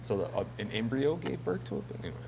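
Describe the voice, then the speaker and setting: A man's voice: medium pitch, sing-song, racing, gravelly, crowd noise. A man hosting a casual news commentary show, rambling and joking with lots of fillers and laughs. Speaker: host.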